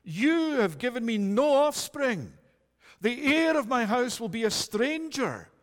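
Old Abram pleading with God in a raised, emphatic voice, as a preacher acts him out. The voice sits high and loud, with each syllable pressed. A long hall reverb hangs behind it. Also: male voice, very animated, slow pace, heavily acted.

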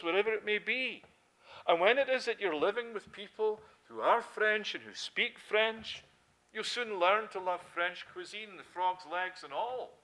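Scottish guy preaching, fairly high voice, punchy, keeps asking why and answering. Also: pushed and bright. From Scotland. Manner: emphatic, rhetorical questions answered himself. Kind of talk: sermon.

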